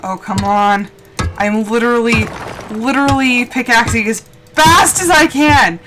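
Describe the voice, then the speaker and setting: A woman's voice: fairly high pitch, measured pace. A woman streaming a video game live, talking to herself as she plays, pleading with the game and cheering herself on. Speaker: gaming streamer. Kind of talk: live gameplay commentary. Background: game music.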